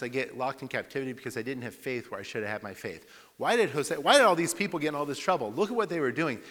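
Pastor, male, mid-pitched voice, animated storytelling sermon, long hall reverb. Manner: storytelling with lively swings in loudness.

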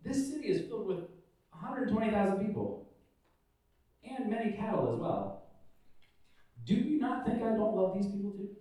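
A man's voice: high voice, big pitch swings, moderate pace, long pauses, warm tone, voice pushed up. Man playing God as a patient parent, fatherly and scolding, heard from a distance in a reverberant room. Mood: fond scolding. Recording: echoey room, far from the mic.

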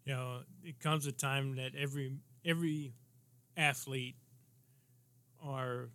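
A man's voice: medium pitch, steady tone, slow pace, sharp tone, no echo. A man hosting a podcast, making brief encouraging interjections in a casual interview. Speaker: podcast host.

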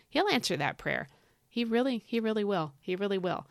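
A woman's voice: normal speed, vocal fry, dry recording. Woman doing a faith podcast, casual and chatty, voice jumps up on key bits, dry close sound. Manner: chatty and encouraging, many asides and repeated phrases; expressive, pitch swinging up on emphasis. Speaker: podcast host teaching from the Psalms. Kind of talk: casual devotional teaching.

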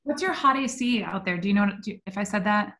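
A woman's voice: mid-range voice, lively intonation, fast, a bit bright. Chatty, upbeat woman comedian. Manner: chatty and upbeat, laughs easily. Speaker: comedian guest. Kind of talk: casual podcast chat.

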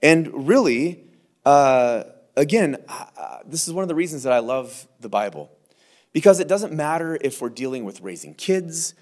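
A man's voice: a little high, lively intonation, normal speed, darkish tone. A man, a pastor, teaching through scripture verse by verse in a conversational, emphatic way, often restarting and repeating words.

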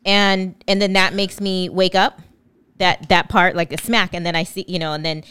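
A woman's voice: lowish voice, flat delivery, moderate pace, fairly bright tone, clear, resonant tone. A woman chatting casually, retelling her dreams in a rambling way with many fillers. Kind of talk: casual conversation.

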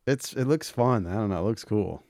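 Low-voiced man telling casual stories. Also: animated, normal speed, darkish tone, no room sound, clean studio sound. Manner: loose storytelling, swearing, laughing often. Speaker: podcast co-host. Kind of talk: casual chat.

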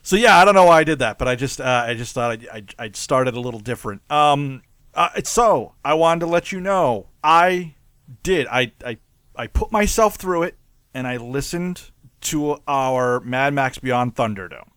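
A man's voice: medium pitch, expressive, normal speed, fairly bright tone, smooth, dry recording. A man co-hosting a podcast in casual chat, jokey and laughing often. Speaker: podcast co-host.

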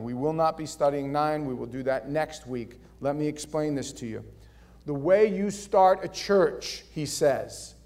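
A male pastor preaching a sermon in a casual, animated way, swinging between loud and hushed delivery. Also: a little high, unhurried.

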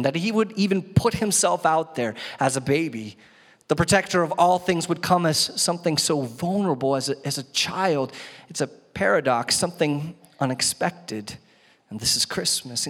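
Man preaching in a reverberant church. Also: medium pitch. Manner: dramatic swings from loud emphasis to hushed tones. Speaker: pastor. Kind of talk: sermon. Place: church sanctuary. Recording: church hall with long reverb.

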